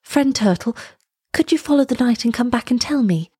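Storybook: woman reading as a young blind girl, high and breathless, anxious questions, dry close sound. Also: lively intonation, moderate pace, a little mellow, slightly rough, dry recording. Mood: eager, anxious. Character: gentle young blind girl, eager and worried.

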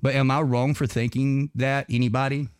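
A man's voice: mid-range voice, level tone, moderate pace, clean tone, no echo. Rambling Southern man, dry close mic. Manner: rambling, laughing, lots of fillers. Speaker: podcast host. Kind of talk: casual podcast chat.

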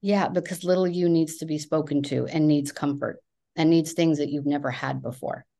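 A low-voiced woman in her thirties or forties, talking as a therapist. She speaks bluntly and emphatically, swearing freely as she makes her points in a candid conversation. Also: fairly even intonation, moderate pace, vocal fry, mellow. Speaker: therapist, podcast guest.

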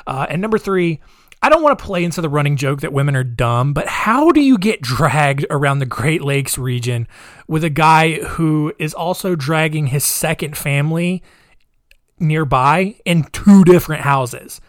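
A man's voice: fairly high pitch, animated, moderate pace, dry recording. A man casually retelling a true-crime story, hesitant and wry, with many restarts. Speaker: podcast storyteller.

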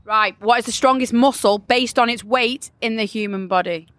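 Woman interviewer, playful quiz host, bright forceful tone. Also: a little high, normal speed, dry recording. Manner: playful, chatty. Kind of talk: casual chat, reading quiz questions.

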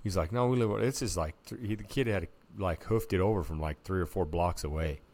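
Man, very low gravelly voice, casual podcast storytelling, animated, acts out quotes. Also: fairly quick. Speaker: podcast co-host.

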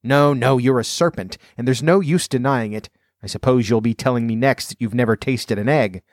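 A man's voice: medium pitch, fairly quick, no room sound, studio quality, close to an everyday voice. A man voicing a fretful, scolding mother pigeon in a storybook reading, huffy and complaining. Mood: contemptuous.

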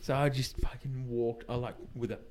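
A man's voice: medium pitch, little pitch movement, normal speed, darkish tone. A young man telling a story in casual chat, swearing often and laughing as he goes. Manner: swears a lot, laughs through his stories. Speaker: podcast co-host.

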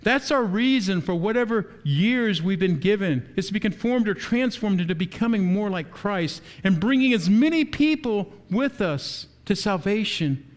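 A man preaching a sermon as pastor, animated, asking the congregation rhetorical questions. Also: high-pitched, normal speed, few pauses.

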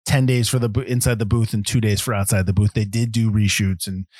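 A man's voice: fairly low pitch, brisk, dry recording, clean studio sound. A man hosting a podcast in a casual film chat, telling stories with many restarts. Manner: rambling, animated storyteller with many restarts. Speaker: podcast host.

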